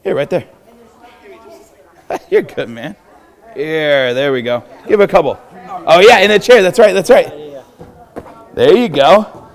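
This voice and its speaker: Young Texan man, martial arts instructor running a live class, cheerful and encouraging, voice a bit high. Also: animated, unhurried, pauses often. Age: young adult. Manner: upbeat, encouraging, laughs often. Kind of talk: live self-defense class. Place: church hall.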